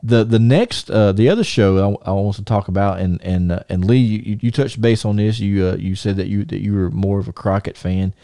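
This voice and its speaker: A man hosting a podcast, telling a long story in a rambling, animated way with many restarts. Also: fairly low pitch, brisk, hardly any pauses, dry recording, clean studio sound. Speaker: podcast host. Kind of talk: casual storytelling and show segment intro.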